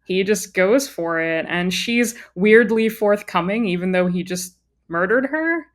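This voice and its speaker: A woman's voice: mid-range voice, lively intonation, measured pace. A woman co-hosting a podcast, chatting casually with a wry, critical take on a show. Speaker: podcast co-host. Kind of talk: casual chat.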